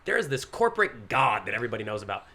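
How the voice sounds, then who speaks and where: A man, a pastor, telling a story in casual podcast chat, animated, acting out the quotes and saying "bro" often. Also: medium pitch, rapid-fire.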